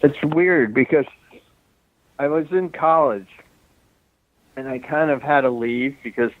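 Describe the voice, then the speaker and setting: A man's voice: medium pitch, a little slow, no echo. An older man spins long, rambling anecdotes in a casual interview, breaking into small chuckles and restarting his sentences. He is slightly out of breath from walking around as he talks, and he comes through a thin, tinny phone line with no room sound around him. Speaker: film director guest. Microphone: phone call.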